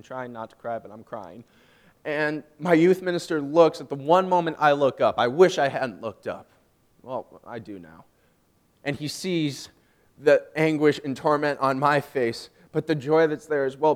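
A young man giving a personal faith testimony, emotional and swinging from hushed, drawn-out phrases to loud, emphatic ones. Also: fairly high pitch. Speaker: student speaker giving testimony.

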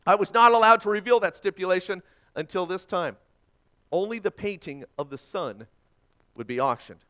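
A man's voice: high-pitched, normal speed, sharp tone. A man voicing a persistent male auctioneer who keeps calling for bids, within a sermon story. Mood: solemn. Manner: insistent, repeating calls for bids.

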